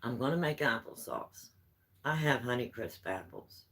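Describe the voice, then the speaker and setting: A woman's voice: extremely low pitch, very animated, moderate pace, fairly bright tone, low-quality recording. A woman vlogger chatting at home, telling homespun stories in a rambling, easygoing way. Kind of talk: casual storytelling chat.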